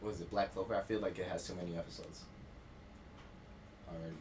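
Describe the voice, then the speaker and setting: A man's voice: low-pitched, fairly even intonation, fast, a loud crowd. A man hosting a casual podcast chat, rambling loosely and restarting his sentences. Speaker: podcast host.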